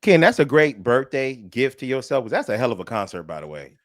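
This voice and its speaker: A man hosting a comedic radio talk show, reacting quickly and laughing often with his guests. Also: mid-range voice, very animated, dry recording, studio quality.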